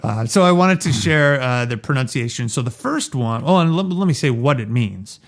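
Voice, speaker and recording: A man co-hosts a podcast in a relaxed, chatty way. He keeps a playful tone and breaks into laughter often while he explains, in a voice of middling pitch. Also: moderate pace. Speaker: podcast co-host. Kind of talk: casual chat.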